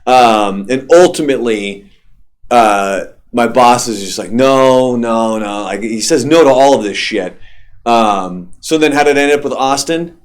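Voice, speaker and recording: A man's voice: medium pitch, animated, measured pace. A young adult man, a radio host, telling stories in casual, profane chat. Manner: loose, profane storytelling.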